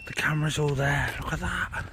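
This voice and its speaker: A man, chatting excitably to a handheld camera while vlogging outdoors in a forest at night. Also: on the high side, fairly quick, background noise. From England. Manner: excitable, chatty, laughs often. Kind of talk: casual vlog narration.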